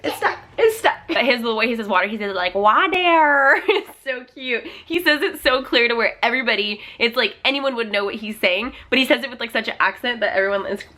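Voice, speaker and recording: Young mother, casual home chat, slightly high voice, bright, chatty with lots of fillers. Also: fast talker, few pauses. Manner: chatty, many "like" fillers, laughs often. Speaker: family vlogger and mother. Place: at home with a toddler nearby.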